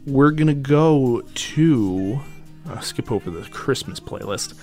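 A man's voice: medium pitch, expressive, slow pace, darkish tone, faint music behind. A man co-hosting a podcast in casual chat, playful and laughing as he spins silly stories. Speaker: podcast co-host.

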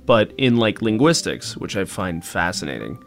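A man's voice: sits low, sing-song, moderate pace, gravelly, faint music behind. A man co-hosting a casual podcast chat, rambling and searching for words, often laughing. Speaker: podcast co-host.

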